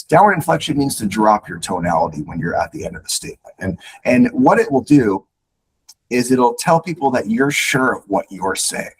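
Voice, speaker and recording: A man giving coaching advice as a podcast guest, instructive and animated, often repeating words as he starts sentences. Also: medium pitch, slight background noise, rough recording. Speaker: guest speaker on leadership.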